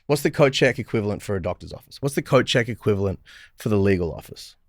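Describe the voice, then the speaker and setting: Podcast guest, male, low voice, dry close mic, chatty storyteller who restarts his sentences. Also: expressive, fast talker, no room sound. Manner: storytelling, lots of restarts and repeated words. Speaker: podcast guest, hospitality strategist. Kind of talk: casual interview chat.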